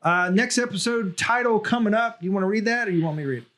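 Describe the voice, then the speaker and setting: A man with a fairly high voice hosts a relaxed fan chat. He rambles a little, with plenty of fillers and restarts as he keeps the talk moving. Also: quick pace. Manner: chatty, with frequent fillers and restarts. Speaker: podcast host. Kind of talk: casual fan discussion.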